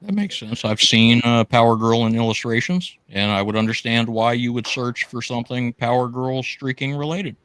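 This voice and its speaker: A man's voice: medium pitch, normal speed, few pauses, smooth, no room sound. A man from Georgia co-hosting a podcast, joking and swearing freely in casual chat. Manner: profane, joking, animated. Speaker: podcast co-host.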